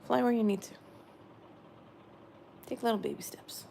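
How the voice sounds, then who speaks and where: A woman giving a gentle, meandering spiritual message she says she is channeling, often repeating her phrases. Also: on the high side, fairly even intonation, moderate pace, vocal fry, background noise.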